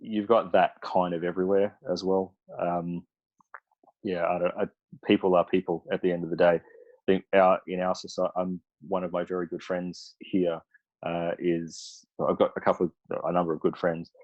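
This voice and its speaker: A man's voice: low-pitched, little pitch movement, moderate pace, no room sound, highs cut off. An Australian man talking casually as a guest speaker over a video call, rambling with many restarts and fillers.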